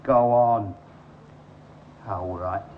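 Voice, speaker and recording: An actor playing a wily, cheeky spiv in a 1960s television sitcom. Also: male voice, lowish voice, steady tone, very slow. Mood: scheming. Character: wily, cocky London spiv lodger. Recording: tinny, very hissy old TV soundtrack.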